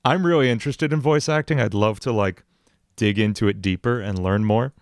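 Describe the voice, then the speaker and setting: A man's voice: on the low side, brisk, no echo, clean studio sound. A male songwriter chatting casually on a livestream, thinking aloud and correcting himself as he goes. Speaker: songwriter and streamer.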